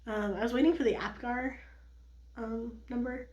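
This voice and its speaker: A woman's voice: a little high, fairly even intonation, normal speed, darkish tone, muffled recording. A young woman vlogger telling a personal story to the camera while doing her makeup, chatty and full of "like" and little laughs.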